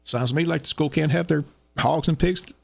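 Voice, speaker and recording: A man's voice: on the high side, a little fast, gravelly, husky. A man co-hosting a radio talk show, pressing the same questions over and over. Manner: insistent, keeps repeating his questions.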